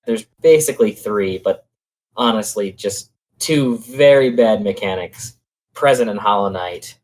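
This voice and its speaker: A man's voice: fairly low pitch, a little slow, a little mellow, poor audio. Podcast guy explaining his next project, earnest, talks it through carefully. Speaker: podcast co-host. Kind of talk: casual podcast chat.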